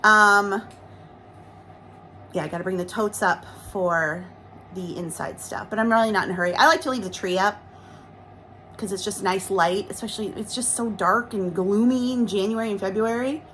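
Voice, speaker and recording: Bright, chatty woman vlogging at home. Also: mid-range voice, normal speed, slight background noise. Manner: chatty, rambling, self-deprecating. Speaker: lifestyle vlogger. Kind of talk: casual chat to camera.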